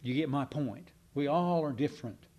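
A man preaching a Sunday night sermon, teaching emphatically with slow, deliberate stresses and occasional fillers. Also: a little high, a little mellow. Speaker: pastor.

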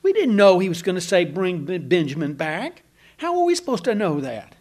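Defensive grown brothers protest their innocence in a raised, pleading tone, as a preacher acts them out. The voice sits well above its normal pitch and pushes a little louder. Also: male voice, huge pitch swings, moderate pace, exaggerated voice.

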